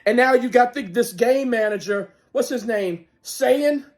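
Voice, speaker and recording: A man ranting about a football game as a fan vlogger, profane, swinging between shouted outbursts and low muttering. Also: a little slow. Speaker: sports vlogger. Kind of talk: angry fan rant.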